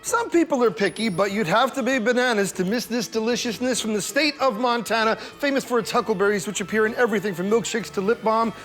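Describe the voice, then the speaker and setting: Man, showman food host, high-pitched, punny and playful, light music behind. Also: fast, few pauses, fairly bright tone. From New York. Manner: playful, pun-heavy, showman delivery. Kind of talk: punny scripted food presentation.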